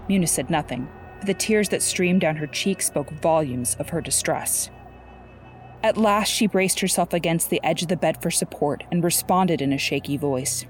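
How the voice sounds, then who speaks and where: A woman's voice: sits low, normal speed, darkish tone. Woman narrating a story over faint music.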